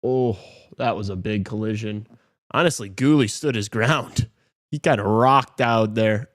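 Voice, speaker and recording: A man's voice: fairly low pitch, measured pace, dry recording, studio quality. Casual man chatting over a hockey game. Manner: loose banter with sudden excited outbursts. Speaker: podcast co-host. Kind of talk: casual live game-watch chat.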